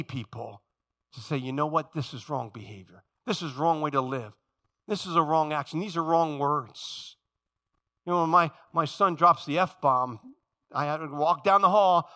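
A middle-aged man preaching a sermon as pastor, swinging from quiet low passages to loud high-pitched exhortation and calling out to his congregation. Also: normal speed. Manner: calls out to the congregation for responses.

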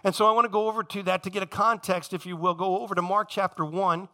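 A male pastor preaching a sermon in church, emphatic and building to loud exclamations. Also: high voice, fairly even intonation, fast.

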